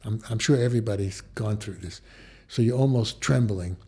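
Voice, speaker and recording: Older man with a husky, mellow voice. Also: lowish voice. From New York, Bronx. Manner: animated, acts out quoted voices, halting restarts. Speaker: photographer. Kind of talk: personal anecdote storytelling.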